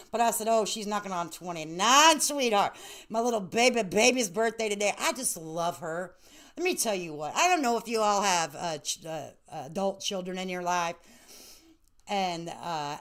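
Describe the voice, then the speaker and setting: A woman's voice: mid-range voice, fairly bright tone. A woman in her late thirties hosting a casual livestream, chatty and affectionate, laughing often and calling viewers honey and baby. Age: 30s. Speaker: livestream host.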